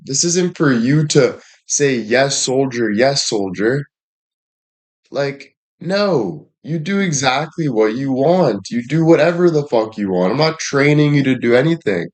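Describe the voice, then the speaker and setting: A man livestreaming and addressing his chat in a heated rant, frustrated, swearing often and repeating himself. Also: medium pitch.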